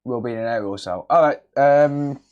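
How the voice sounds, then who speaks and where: A man hosting a casual repair livestream, greeting viewers by name in a relaxed, jokey way from a cluttered home workshop. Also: mid-range voice, normal speed, highs cut off. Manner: relaxed, jokey, reads chat names aloud.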